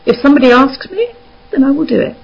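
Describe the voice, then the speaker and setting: A woman with a Surrey accent, a spiritualist minister speaking calmly and soothingly as a guest on a radio interview. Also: sits high, fast talker, vocal fry. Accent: Surrey English. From England. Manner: soft, calm, soothing, chuckles often. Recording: dull lo-fi radio call.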